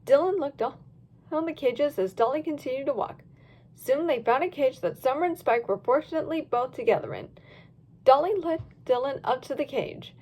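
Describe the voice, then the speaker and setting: A woman narrating a fan-written story with a storybook lilt. Her voice is high and swings expressively from line to line. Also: normal speed. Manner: lively storybook reading. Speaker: reader.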